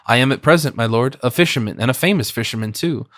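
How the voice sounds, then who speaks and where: A man reads a wily fisherman in his fifties, chatty and humbly deferential with a sly edge. The audiobook sound is close and dry. His pitch sits at a middle level. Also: fast talker, fairly bright tone, dry recording, close to an everyday voice. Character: cunning, talkative French fisherman in his fifties.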